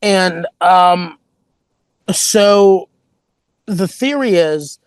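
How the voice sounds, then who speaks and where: His high-pitched, smooth voice comes very slowly over a dry recording. The comedian is a podcast guest in casual conversation, wandering through stories and acting out the things people told him.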